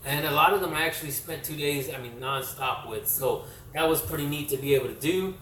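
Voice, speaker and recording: A man from California telling a casual vlog recap, rambling and correcting himself, his voice slightly worn from yelling. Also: on the high side, fairly quick, slight background noise. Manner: rambling, self-correcting storyteller. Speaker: comic book vlogger. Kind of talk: casual recap talk to camera. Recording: echoey room.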